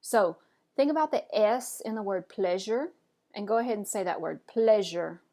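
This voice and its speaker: A woman's voice: medium pitch, expressive, darkish tone. Patient woman teaching French pronunciation. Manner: patient, encouraging, models each word slowly. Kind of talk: pronunciation lesson.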